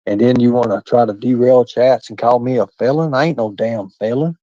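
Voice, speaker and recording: A man's voice: mid-range voice, brisk, warm tone, dry recording, dull audio. A man hosting a livestream, talking in a blunt, profane, preachy way with folksy phrasing like "by God" and "ain't". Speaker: livestream host. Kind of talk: heated livestream rant.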